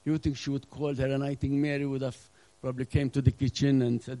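Middle-aged guy preaching, earnest, acts out bits and goes quiet sometimes, warm voice. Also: mid-range voice, little pitch movement, quick pace, few pauses, no echo, rough recording. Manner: earnest preaching with acted-out asides, drops to a hush. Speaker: pastor. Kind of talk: sermon.

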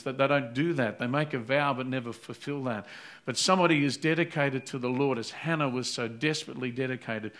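A man's voice: medium pitch, fairly bright tone. Man preaching an earnest sermon. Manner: earnest, retells scripture with voiced quotes. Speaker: pastor.

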